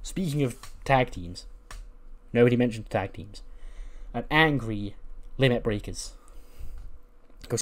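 A man's voice: mid-range voice, takes it slowly, pauses often. A man narrating his wrestling booking game in a loose, rambling way. He talks offhand and swears now and then. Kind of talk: casual play-by-play narration.

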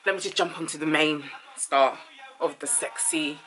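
Woman from Ghana, vlog host, bright forward tone, lively chatty delivery with whispered asides, faint hiss behind. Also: deep voice, moderate pace. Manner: animated, drifts into whispers and singing. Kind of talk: casual vlog chat.

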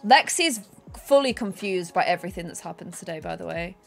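A woman's voice: fairly low pitch, lively intonation, brisk, gravelly, soft background music. A chatty, bubbly woman streaming a life sim game at her desk at home, talking to her viewers and her pets. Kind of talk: casual live-stream chat.

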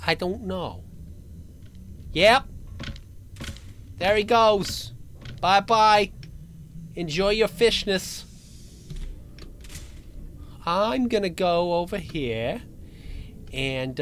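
A man playing a horror game for his channel, joking and taunting the monster he's hiding from, with sudden yells and laughs. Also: high-pitched, slight background noise. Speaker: gaming channel host. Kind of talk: let's play commentary.

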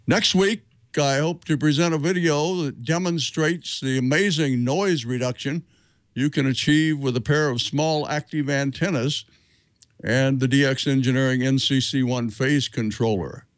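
A middle-aged man hosting a show, reading announcements in a measured, steady way with a few fillers. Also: medium pitch, no room sound. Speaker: show host. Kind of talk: scripted announcements.

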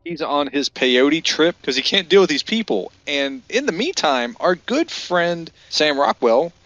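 Lively, storytelling podcast man. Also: fairly high pitch, unhurried, no echo, lo-fi sound. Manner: retells scenes with acted-out quotes. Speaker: podcast co-host. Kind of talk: casual movie-review chat.

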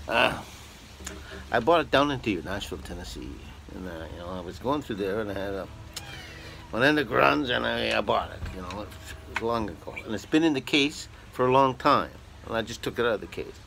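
A man's voice: on the low side, animated, brisk, gravelly, a little hiss or hum, low-quality recording. A man musician chatting casually on a porch between songs, rambling in a folksy way with lots of fillers. He is recorded on a phone. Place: porch, outdoors. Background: loud acoustic guitar playing.

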